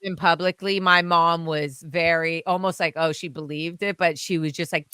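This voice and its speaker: Woman guest, casual rambling storyteller, smooth bright voice. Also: on the low side, fairly even intonation, moderate pace, hardly any pauses, dry recording. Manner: rambling, quotes people in their voices.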